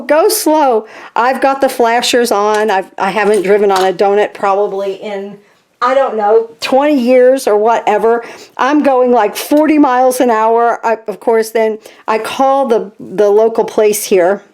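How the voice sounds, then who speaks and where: A grandmother in her sixties with a somewhat high voice hosts a craft channel, chatting casually as she works. She's animated and sprinkles in lots of "okay?" asides.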